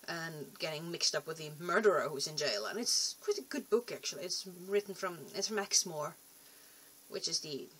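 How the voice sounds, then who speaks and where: A woman's voice: sits low, normal speed, fairly bright tone, slightly rough. A young woman rambling casually to camera in a vlog, chatty and self-deprecating, often trailing off and restarting. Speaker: vlogger.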